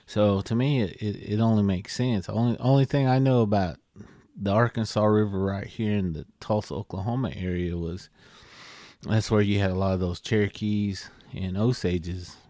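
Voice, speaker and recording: Low-voiced man rambling through a story. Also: steady tone, dark tone, no room sound, clean studio sound. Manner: rambling, halting, many "you know" fillers. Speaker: podcast co-host. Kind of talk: casual storytelling chat.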